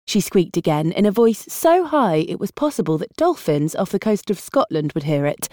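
A British-accented woman narrates an audiobook from a script, telling the story in an even, wry way. Her voice is lowish at a moderate pace, captured in a dry, studio-quality recording.

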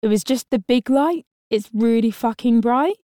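A sleepy young guy, relaxed and self-deprecating, talking in an easy offhand way, as a woman reads him aloud. Dry, close sound with no room around the voice. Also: on the high side, normal speed, no echo, voice pushed up, close to an everyday voice. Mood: easygoing. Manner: relaxed, offhand, swears casually.

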